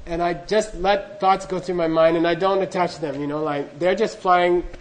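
A man's voice: high voice, fairly even intonation, moderate pace, rough recording. A middle-aged man telling a humorous, self-deprecating story to an audience in a loose, anecdotal way, acting out the dialogue. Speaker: speaker recounting monastery training.

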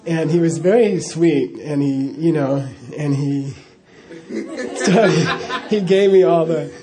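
Mellow-voiced man telling a rambling story. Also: a little high, slow pace. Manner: rambling, chuckling, full of "you know" asides. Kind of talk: casual spoken anecdote.

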